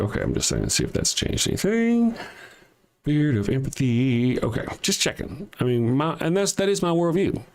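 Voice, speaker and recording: An older man with a Southern US accent hosting a casual livestream, reading viewer comments aloud in a blunt, profane way and chuckling often. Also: medium pitch. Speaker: livestream host.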